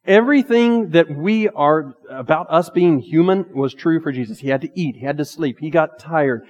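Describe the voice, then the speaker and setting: A pastor delivering a sermon, reading scripture slowly and shifting between loud emphatic lines and hushed asides. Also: male voice, a little high, lo-fi sound. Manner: reads scripture aloud slowly and earnestly. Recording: long reverb of a large hall.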